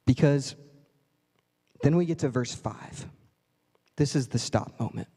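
A man's voice: mid-range voice, unhurried, warm tone, breathy edge. A man preaching a sermon as a pastor, telling a story and acting out voices in quotes. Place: church sanctuary. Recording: reverberant church hall.

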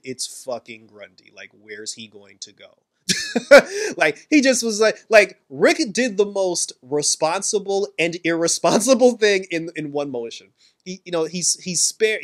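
A man casually recapping a TV episode in a rambling, animated way, breaking into laughs as he retells scenes. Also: fairly high pitch. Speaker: show reviewer.

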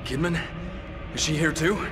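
A man's voice: a little high, normal speed, close to an everyday voice. A man voicing a worried game detective. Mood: urgent. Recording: reverb-heavy game audio with music.

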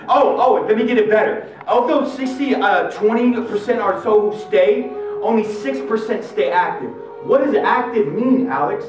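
High-voiced man giving an energetic faith talk. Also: normal speed. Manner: energetic storytelling, street slang. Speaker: Catholic youth minister. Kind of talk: live motivational faith talk. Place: large hall with live audience. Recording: echoey hall, mic far off. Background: guitar music.

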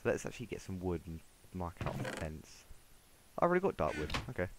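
A man's voice: deep voice, big pitch swings, fast talker, background noise. A man giving casual, rambling gameplay commentary, talking to himself as he plays. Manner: rambling, talks to himself while playing. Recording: game music playing underneath.

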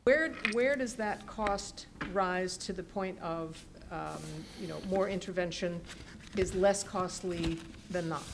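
A woman with a lowish voice moderating a formal public debate. She sets things up in measured, deliberate phrases, like someone used to framing the question for a panel. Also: noisy background.

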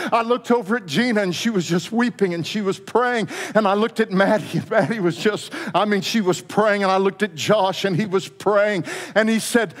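Fervent storytelling pastor in a big reverberant church. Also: male voice, sits high, fairly quick. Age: middle-aged. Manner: storytelling preacher, soft for quoted words, rising to fervent. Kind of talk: sermon. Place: church sanctuary.

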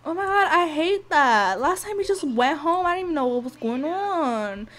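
A woman giving casual gameplay commentary, cursing and shouting at the game and speaking to viewers in slangy talk. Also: high-pitched, animated, moderate pace. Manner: profane, loud outbursts at the game; slangy, talks to viewers directly. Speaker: gameplay video host.

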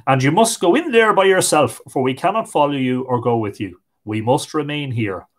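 A man's voice: mid-range voice, expressive, normal speed, natural voice. A man voicing an old male fairy giving orders in a folk tale. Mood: commanding.

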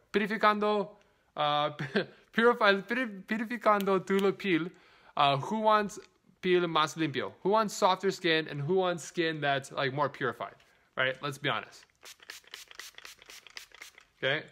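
His fairly bright, higher-leaning voice carries a relaxed live product demo shot on a phone at home. Along the way he greets viewers by name and drops into broken Spanish.

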